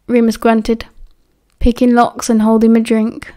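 A woman reading a story aloud as an audiobook narrator in a quiet, even way. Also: a little high, measured pace. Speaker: audiobook reader.

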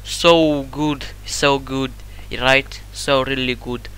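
A man with non-native English giving excitable, cursing gameplay commentary, often shouting at the game and searching for words. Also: mid-range voice, takes it slowly, clear, resonant tone. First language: not English. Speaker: gamer.

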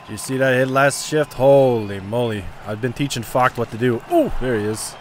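Excitable man commentating a hockey game. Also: mid-range voice, a little fast, a little hiss or hum. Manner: excitable, trash-talking, cheering and groaning at the play. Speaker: gaming commentator. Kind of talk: casual gameplay commentary.

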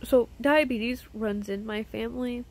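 A woman vlogger talking to camera in a personal video diary, close to tears, halting with many pauses and restarts. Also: fairly high pitch, darkish tone, poor audio.

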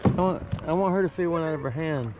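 A man's voice: fairly high pitch, fast talker, noisy background. A man hosting a casual outdoor vlog at a creek, playful and teasing, cooing at ducks. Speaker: vlog host. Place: creek outdoors, people around. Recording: outdoor creek with crowd chatter.

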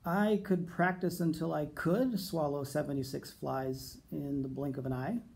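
A fretful young turtle boy from a storybook, read out by a man, earnest and a touch pleading. The voice sits a little higher than a grown man's, with a gravelly, mellow grain. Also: fairly even intonation, unhurried.

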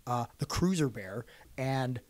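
Animated male wrestler telling a story. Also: medium pitch, measured pace, dry recording. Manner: animated storyteller, acts out quotes. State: hoarse voice. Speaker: podcast guest, pro wrestler. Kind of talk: casual storytelling chat.

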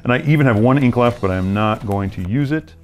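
A man's voice: medium pitch, fast, soft background music. Playful, teasing man explaining a card game. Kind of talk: explaining rules while playing a card game.

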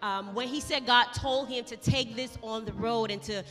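A woman's voice: on the high side, moderate pace. Exuberant Turks and Caicos woman pastor. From Turks and Caicos Islands. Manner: exuberant, shouting praise, laughing. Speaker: pastor's wife, guest speaker. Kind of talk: church greeting. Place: church sanctuary. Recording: echoey church hall with music behind.

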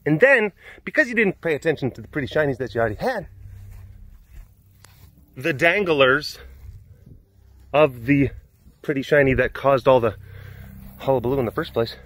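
A man hosting a casual walk-and-talk vlog outdoors on a hot afternoon, rambling along in an animated, joking way. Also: medium pitch. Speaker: vlog host at a big cat facility.

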